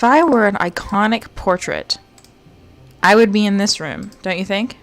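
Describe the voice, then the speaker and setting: Woman streamer, chatty and playful, mid-pitched, muses aloud while she plays. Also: lively intonation, a little slow, fairly bright tone, faint music behind. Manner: chatty, playful, talks to herself while searching; slips into mock-British phrasing for fun. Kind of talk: casual live-stream game commentary.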